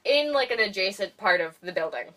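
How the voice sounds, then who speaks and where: Her medium-pitched voice is expressive, brisk, bright and forceful as she co-hosts a podcast. The young woman giggles and rambles while recapping a film and acting out its characters' lines in casual chat. The recording catches her far off the mic.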